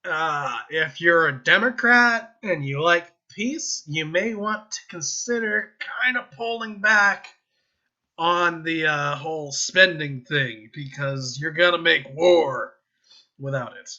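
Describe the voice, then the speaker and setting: A young American man talks through his political views while playing a game, rambling and stopping to chuckle or fix his words. His voice is very bright and a little high for a man, recorded on a dull, lo-fi home mic. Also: takes it slowly. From United States. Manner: rambling, self-interrupting, with chuckles. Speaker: gaming vlogger giving political opinions. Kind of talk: casual rambling commentary while gaming.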